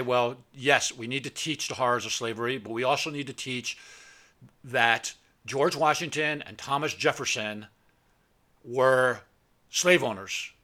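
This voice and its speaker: A man's voice: mid-range voice, bright, forceful tone. A middle-aged man hosting a podcast, ranting bluntly and stumbling over repeated words as he acts out arguments. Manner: acts out both sides of arguments in a raised voice. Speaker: podcast host. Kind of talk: unscripted rant.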